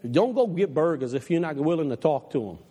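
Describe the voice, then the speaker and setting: A man preaching a passionate sermon to his church, dropping low and quiet for the advice he quotes, then climbing again. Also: animated, a little fast, breathy edge, in a large hall. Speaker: pastor. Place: church sanctuary.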